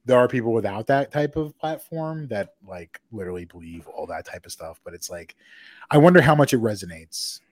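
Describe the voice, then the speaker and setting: A man co-hosting a podcast in casual, animated chat, laughing often and swearing freely. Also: on the low side, fairly quick, no room sound. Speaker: podcast co-host.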